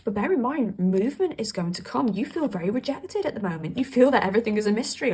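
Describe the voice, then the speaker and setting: A woman doing a casual, chatty tarot reading, emphatic and quick to laugh. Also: fairly high pitch, animated, dark tone, breathy edge. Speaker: tarot reader.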